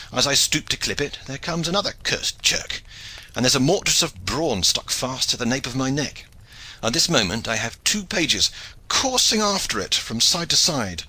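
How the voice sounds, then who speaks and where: A man's voice: mid-range voice, pushed and bright, breathy edge, pitched above the performer's own voice, exaggerated voice. A man doing a blustering portly knight. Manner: blustering, wrathful complaining. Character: portly, blustering, food-loving male knight.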